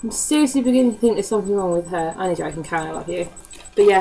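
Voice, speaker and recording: Fast-talking and on the low side, with a darkish tone, a Cockney vlogger from London's East End chats casually to camera, swearing freely, laughing often and filling her speech with ums. The recording is rough, with a little hiss or hum.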